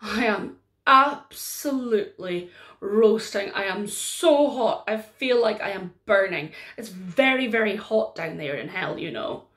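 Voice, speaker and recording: A chatty magical rocking chair, put on by a woman telling a folk tale, speaking a little louder and slower than the narration around it. It grumbles about the heat. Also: mid-range voice, lively intonation.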